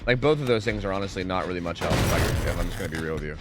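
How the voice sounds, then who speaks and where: A man streaming a game, chatting casually, swearing and yelling at the screen between stretches of humming. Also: deep voice, rapid-fire, heavy background noise. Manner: swearing, animated, yells at the screen, hums to himself. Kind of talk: casual gameplay commentary. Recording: game music behind the voice. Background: game music.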